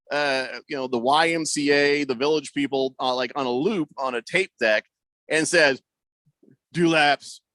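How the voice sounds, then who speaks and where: A man in his fifties co-hosts a sports radio show and tells funny stories with lots of energy. His voice is bright and a bit high. The studio mic is close and dry, with no room sound. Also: dry recording. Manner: animated storyteller, does voices of people he quotes. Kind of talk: casual sports radio banter.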